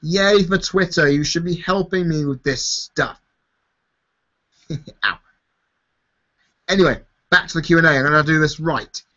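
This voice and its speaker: A man's voice: on the high side, unhurried, pauses often, pushed and bright. A tired man hosting a live-stream Q&A, chatting casually, swearing freely and laughing often. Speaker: YouTube host answering viewer questions. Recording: dull lo-fi stream audio.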